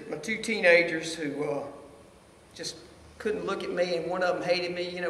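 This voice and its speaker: A middle-aged man gives a heartfelt testimony at a church recovery meeting. His voice sits high and bright, and he talks haltingly, circling back to repeat key phrases. The sound carries the long echo of a hall with a faint hum of ambience behind it. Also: vocal fry. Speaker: recovery ministry speaker. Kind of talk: personal testimony.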